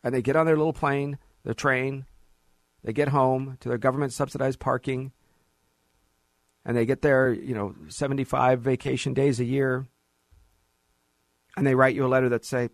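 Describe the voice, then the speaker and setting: Gravelly man, middle-aged, radio money host, animated storyteller, dry close sound. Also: medium pitch, normal speed, long pauses, no echo. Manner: animated storyteller, mocking voices in quoted asides. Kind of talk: conversational radio advice talk.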